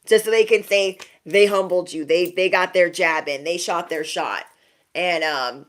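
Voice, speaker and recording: A woman's voice: fairly low pitch, measured pace. A young woman doing a casual spiritual card reading, chatty and laughing often as she talks to her viewers. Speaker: tarot reader.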